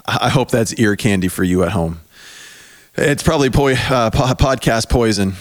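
A man hosting a podcast with a joking, rambling manner, his voice going hoarse, talking into a microphone in a small basement. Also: mid-range voice, normal speed, no echo. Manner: joking, rambling, self-mocking. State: losing his voice. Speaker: podcast host. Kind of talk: casual podcast chat. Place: small basement corner at a camp. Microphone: studio microphone.

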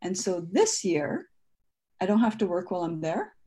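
A woman's voice: lowish voice, very animated, normal speed, over a noisy crowd. A woman on a casual panel, chatty and upbeat. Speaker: panel guest.

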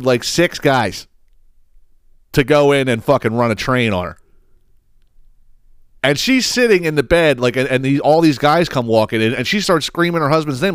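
A man hosting his own podcast, telling a story in a casual, profane and animated way, acting out the quotes. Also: a little high, normal speed, clean tone, dry recording, clean studio sound. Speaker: podcast host.

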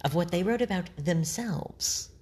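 A woman's voice: lowish voice, expressive, unhurried, a little mellow. A woman podcast host reading a complaint email aloud with mocking, dramatic emphasis and frequent laughter.

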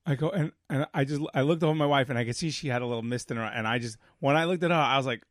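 A middle-aged man chatting on a podcast as a co-host, rambling through stories and jumping into quoted lines with lively, sappy energy. His voice sits right in the middle of the usual male range. The recording is dry and close, with no room sound at all. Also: medium pitch, rapid-fire, dry recording. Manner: animated storyteller, acts out movie lines, rambling restarts. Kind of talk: casual chat.

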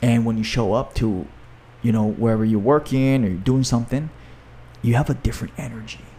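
Man playing an upbeat gym owner chatting on a podcast, his voice sitting at an ordinary middle pitch. He talks quickly and piles on fillers like "you know" and "like," and he sounds eager to share. A faint hiss of room noise sits under him. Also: fairly even intonation, mellow. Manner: upbeat, talks fast with many fillers, reads aloud from his own book. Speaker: fitness coach and gym owner. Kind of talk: casual podcast conversation.

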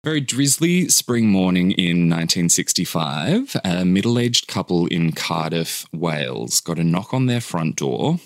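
A man with a very deep voice reads the opening of a story in a measured, scripted way. The recording is dry and close, with no room sound around him. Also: big pitch swings, dry recording. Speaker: podcast narrator. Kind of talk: scripted narration.

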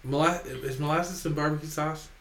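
A man co-hosting a podcast, chatting casually with quick reactions and questions. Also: fairly high pitch, fairly even intonation, a bit bright. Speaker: podcast co-host. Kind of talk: casual chat. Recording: echoey room, faint background noise.

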